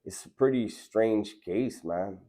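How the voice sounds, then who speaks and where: Socal guy telling a story, lowish mellow voice, slangy and chill. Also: slow pace. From Southern California. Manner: laid-back, slangy, earnest. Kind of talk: casual personal storytelling.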